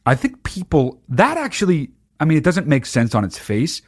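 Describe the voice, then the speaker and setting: Sardonic swearing man, lively voice. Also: on the high side, normal speed, dry recording, studio quality. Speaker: monologue speaker. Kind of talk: casual profane rant.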